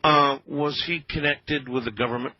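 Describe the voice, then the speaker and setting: A man interviewing a guest on radio, asking probing questions in a halting way. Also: fairly high pitch, steady tone, dry recording. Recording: dull lo-fi radio sound.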